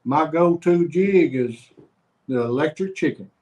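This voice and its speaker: Male guest, somewhat high voice, easygoing and plainspoken. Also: animated, unhurried, a little mellow, dull audio, slight background noise. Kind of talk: casual chat.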